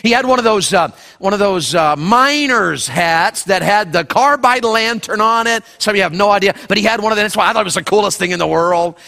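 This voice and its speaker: A man's voice: high-pitched, a little fast, creaky, hardly any pauses, bright, forceful tone, long reverb tail. A male pastor preaching a sermon, telling a folksy personal story and acting out the voices in it.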